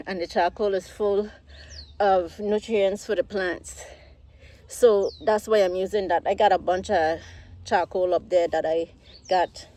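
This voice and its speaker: A mellow, medium-pitched woman from the United States chats casually with her viewers while gardening outdoors on a farm, out of breath from digging in the heat. This vlogger rambles in a chatty way and calls her audience "guys" in her casual farm vlog.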